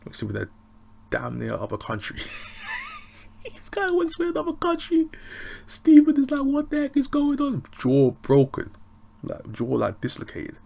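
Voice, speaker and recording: A man's voice: lowish voice, gravelly, darkish tone, a little hiss or hum. An English man reviewing a show in a loose, rambling, chatty way. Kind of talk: casual review chat.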